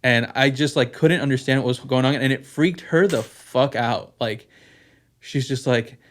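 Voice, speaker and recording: A man's voice: mid-range voice, fairly even intonation, moderate pace. A young man co-hosting a podcast, talking candidly and rambling, swearing freely and filling gaps with "um" and "like". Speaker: podcast co-host. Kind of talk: casual podcast chat.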